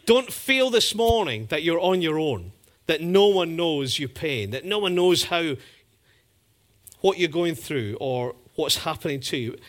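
Lively preacher with humorous asides. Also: male voice, on the high side, measured pace. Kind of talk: sermon. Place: church, in front of a congregation.

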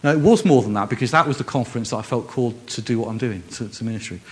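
Male preacher, Liverpool accent, mid-pitched, chatty sermon delivery, self-mocking wit, frequent false starts. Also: racing. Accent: Scouse (Liverpool). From Liverpool, England. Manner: self-deprecating humor, frequent restarts. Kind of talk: conversational sermon.

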